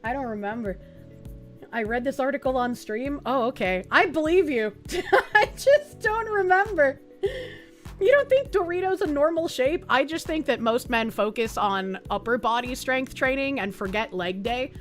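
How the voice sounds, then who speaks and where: High-voiced crude joking woman streamer. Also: lively intonation, moderate pace, soft background music. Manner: crude, joking, laughs often, swings loud and high. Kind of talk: casual live-stream chat reading donations.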